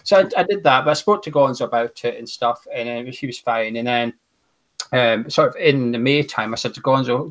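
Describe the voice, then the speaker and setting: A man's voice: mid-range voice, brisk, a bit bright. A man from Aberdeen with a Scottish accent, a guest telling a friendly, rambling story in casual chat. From Aberdeen, Scotland. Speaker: guest, co-host of a fan show.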